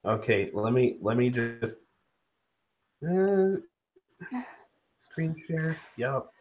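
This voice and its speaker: A woman's voice: rumbling low, lively intonation, drawn-out words, dull audio. A woman co-hosting a casual livestream chat, dry and teasing while she handles technical problems. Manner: dry, teasing, busy with tech. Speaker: co-host.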